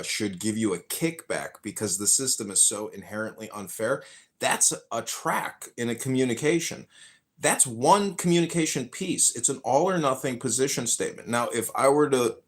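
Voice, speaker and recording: A man hosting a political talk podcast, explaining his view in a measured way with some fillers. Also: fairly low pitch. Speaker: podcast host. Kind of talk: casual political discussion.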